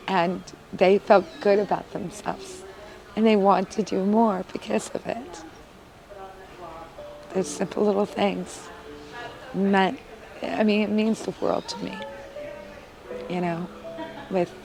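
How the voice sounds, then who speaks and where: A woman's voice: mid-range voice, steady tone, slow, pauses often, darkish tone, faint music behind, low-quality recording. A woman, a mother of three boys, giving an earnest, emotional interview testimonial with frequent filler words.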